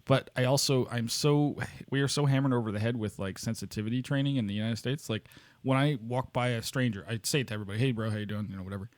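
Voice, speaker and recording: Laid-back podcast co-host, dry sound. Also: male voice, medium pitch, quick pace, dry recording. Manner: laughs often, easygoing asides. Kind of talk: casual chat.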